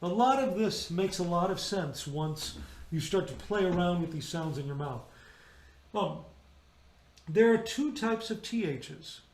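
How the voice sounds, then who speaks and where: A man's voice: high-pitched, expressive, measured pace, echoey room. A man leading a choir rehearsal, explaining singing diction and demonstrating each vowel and consonant sound aloud. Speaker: choir director. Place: indoors, remote rehearsal video.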